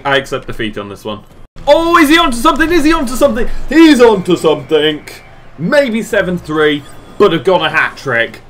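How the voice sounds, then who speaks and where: A man commenting on his own match as a gaming channel host, excitable and self-mocking, often shouting and groaning at the game. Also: a little high. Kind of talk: let's play commentary.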